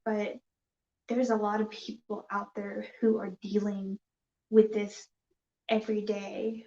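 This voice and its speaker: Nervous woman chatting on her stream, slow and flat, kinda dull roomy sound. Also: medium pitch. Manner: nervous, hesitant, many fillers and restarts. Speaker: yarn crafting streamer. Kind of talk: casual live-stream chat. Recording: dull, roomy home recording.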